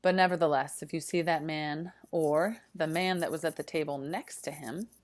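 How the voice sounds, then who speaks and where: Low-voiced woman telling a story. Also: moderate pace. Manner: animated, filler-heavy, swinging from loud to hushed. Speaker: vlogger. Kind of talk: casual storytelling vlog.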